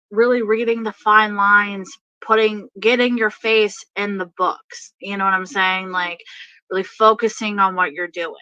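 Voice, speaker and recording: A woman's voice: mid-range voice, sharp tone, clean tone, no echo, lo-fi sound. A woman giving a casual tarot reading who rambles with many fillers and laughs often. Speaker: tarot reader.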